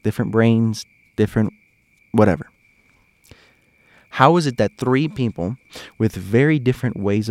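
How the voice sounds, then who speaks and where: Talking straight to his audience, a man hosting a podcast tells stories in a casual, animated way, laughing frequently. He has a fairly low, darkish voice, recorded without any room sound.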